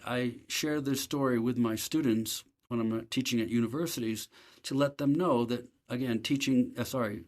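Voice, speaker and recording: A man, a professor being interviewed as the guest, telling a self-deprecating story in an easy, anecdotal way. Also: medium pitch.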